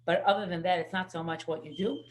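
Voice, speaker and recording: A middle-aged woman teaching a parenting class, telling lively stories. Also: on the low side, fast, slight background noise. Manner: lively anecdotal storytelling. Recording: echoey room.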